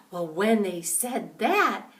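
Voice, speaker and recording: A grandmother telling a bedtime story in an animated, dramatic way, recorded from a distance. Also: fairly high pitch, heavy background noise. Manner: animated, dramatic, slow and expressive.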